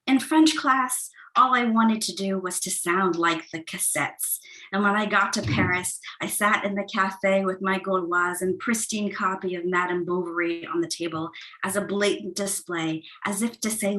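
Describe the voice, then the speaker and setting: Woman reading poems softly on a call. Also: medium pitch, fairly even intonation, normal speed, low-quality recording. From United States. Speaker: poet. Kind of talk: poetry reading. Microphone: video call.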